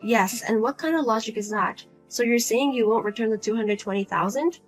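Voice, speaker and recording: A woman's voice: fairly high pitch, fairly quick, soft background music, voice pushed down, lightly acted. A woman voicing a single adult daughter who speaks bluntly and coldly to her mother. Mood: firm, exasperated. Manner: blunt, cold, lecturing.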